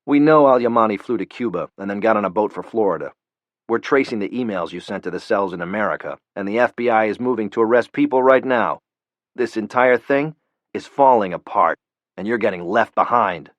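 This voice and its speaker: A male narrator playing a hard, controlled operative who speaks low and quiet, calm with a threat underneath. The recording is dull and dry. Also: brisk, no room sound, natural voice. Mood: cold.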